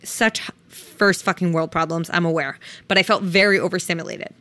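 A woman's voice: on the low side, fairly even intonation, moderate pace, bright, forceful tone, no echo. A young woman hosting a solo podcast, talking frankly and reflectively about her own feelings, swearing casually as she goes. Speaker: podcast host. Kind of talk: solo podcast, candid personal talk.

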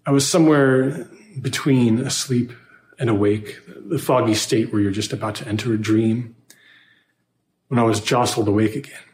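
A man narrating a first-person horror story in a measured, scripted way, recorded with a roomy echo. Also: mid-range voice, steady tone, darkish tone.

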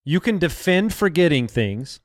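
A man's voice: on the high side, big pitch swings, a little slow, no echo, clean studio sound. A married man in casual podcast chat, joking, laughing and asking his friends questions.

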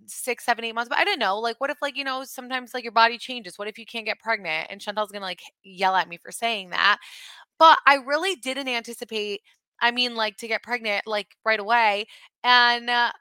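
A woman in her thirties with a bright, slightly high voice tells a family story in loose, filler-heavy chat. She sounds close to the mic in a dry space. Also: fairly quick, clear, resonant tone, no echo. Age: 30s. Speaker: podcast co-host.

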